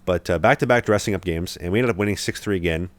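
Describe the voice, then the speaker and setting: A man's voice: deep voice, fast. A young man hosting a podcast, telling a long story in casual chat with lots of fillers and restarts. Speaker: podcast host, hockey goalie.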